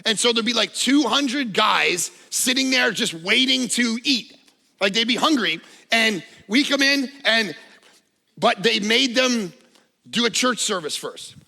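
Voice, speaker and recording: Brief: man in his 40s, pastor delivering a sermon; high, bright and edgy voice; lively storyteller; reverberant church hall. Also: a little slow, vocal fry. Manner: lively conversational storytelling with humor. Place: church auditorium.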